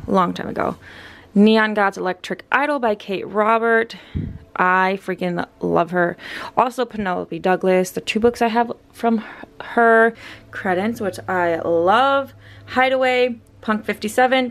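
A young woman in her twenties, chatting casually for her vlog in an upbeat way with lots of fillers. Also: mid-range voice. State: out of breath. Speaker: vlogger. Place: in her car, then at home by a bookshelf.

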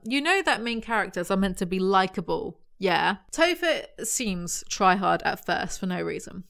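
A woman's voice: mid-range voice, sing-song, normal speed, gravelly, few pauses, a bit bright. A young woman giving casual, sarcastic commentary as a book reviewer. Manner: blunt, sarcastic.

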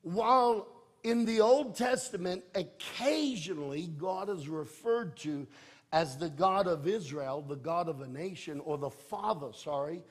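Older man, pastor, sermon, emphatic, loud then hushed, high-pitched, slow pace. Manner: emphatic preaching that swings from loud proclaiming to soft, low-voiced stretches.

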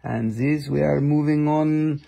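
A man puts on a hammy gem salesman with a gravelly rasp and slightly raised pitch. He hawks stones in comic broken English, pushy and over the top. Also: fairly even intonation, measured pace, dark tone. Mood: hamming pushy.

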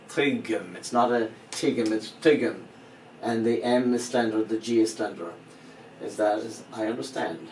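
A man's voice: mid-range voice, recorded from a distance. A man giving an informal language lesson, who explains patiently, repeats each phrase and spells out words letter by letter. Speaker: language teacher. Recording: echoey room, voice from off-mic, faint background hum.

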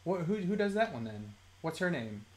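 A live-stream host talking casually about toy collecting at a home desk mic, chatty, mildly profane and quick to laugh. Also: mid-range voice, sing-song. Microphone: desk microphone.

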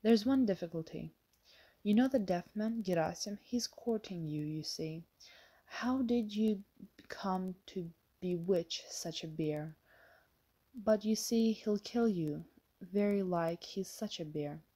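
A woman voicing a gruff, bossy steward, slow and mellow, storybook reading. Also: mid-range voice. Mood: stern. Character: stern male estate steward, middle-aged, blunt and scheming.

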